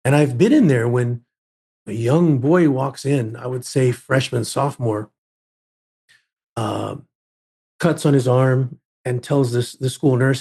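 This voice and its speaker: Podcast guest, a man, emphatic storyteller with a mellow, husky tone. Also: medium pitch, a little slow. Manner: emphatic, repeats words while building a point.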